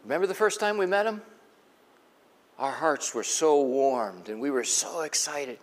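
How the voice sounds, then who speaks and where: A man's voice: medium pitch, expressive, normal speed. A man preaching a sermon in a conversational, folksy way, asking the congregation questions. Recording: long echo of a large hall.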